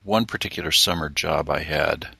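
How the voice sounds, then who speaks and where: A man casually recounting a summer job story on a podcast, relaxed and amused. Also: rumbling low, moderate pace, gravelly, breathy edge, dry recording, studio quality. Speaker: podcast co-host.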